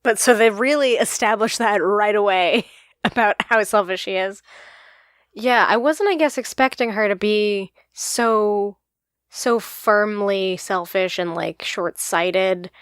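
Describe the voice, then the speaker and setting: A young woman co-hosting a podcast, chatting casually, with lots of filler words and quick bursts. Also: mid-range voice, clean tone, dry recording, clean studio sound. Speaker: podcast co-host. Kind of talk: casual chat.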